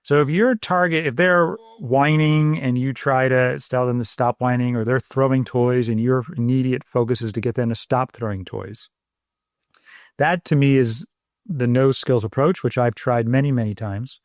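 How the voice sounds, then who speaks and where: A middle-aged man co-hosting a parenting talk show, explaining calming steps in a calm, explanatory way. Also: medium pitch, moderate pace, no echo, clean studio sound. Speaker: podcast co-host. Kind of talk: casual parenting conversation.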